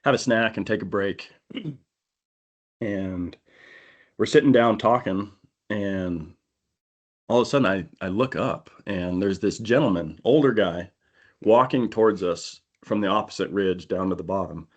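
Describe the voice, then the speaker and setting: A man on a podcast telling a long, animated hunting-trip story in casual chat, acting out the people he quotes. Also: fairly low pitch, measured pace, long pauses. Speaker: podcast co-host. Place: indoor podcast studio.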